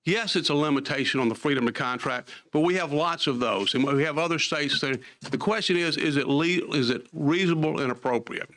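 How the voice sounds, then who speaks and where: A man's voice: a little high, fairly quick, hardly any pauses, a bit bright, a little hiss or hum. A man, a lawyer giving formal testimony at a committee hearing and explaining emphatically.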